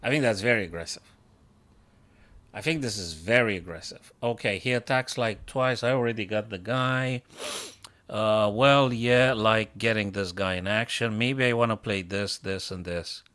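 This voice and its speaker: A man's voice: fairly low pitch, moderate pace, fairly bright tone. A chess coach streaming live, a man thinking aloud over his moves, self-mocking and bursting into exclamations.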